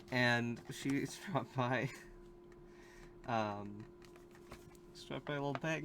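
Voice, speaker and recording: A man chatting casually as a video host, at a middle pitch. He rambles through asides and restarts, peppering his talk with fillers, with a faint hiss behind him. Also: a little slow, pauses often.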